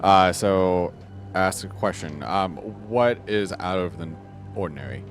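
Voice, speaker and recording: A man playing in a tabletop game, asking questions in a halting, hesitant way. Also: low-pitched, faint music behind. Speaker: player.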